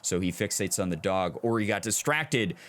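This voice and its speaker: Young guy doing let's play commentary, animated, thinks out loud a lot. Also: fairly low pitch, normal speed. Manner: animated, thinking aloud, reflective. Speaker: gaming video host.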